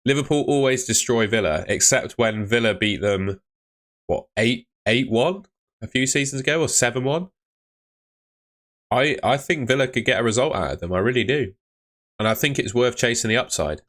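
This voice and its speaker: A man's voice: medium pitch, normal speed, fairly bright tone. A man hosting a casual live stream, chatting and answering viewers' questions, often calling them mate.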